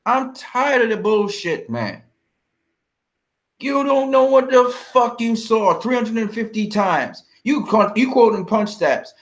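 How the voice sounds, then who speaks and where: A fired-up man with a slightly higher-pitched voice, swearing hard as he rants about a fight. He talks confrontationally, hurling insults and firing off questions at his critics in blunt commentary. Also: very animated, slow pace, fairly bright tone. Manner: heated, profane, confrontational. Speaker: boxing vlogger.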